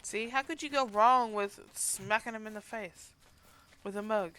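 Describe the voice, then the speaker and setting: A woman from the American South with a Southern accent, chatting casually and excitedly while playing a game, rambling with lots of fillers. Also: fairly high pitch, a little slow, slight background noise. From Southern United States. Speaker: gaming channel host.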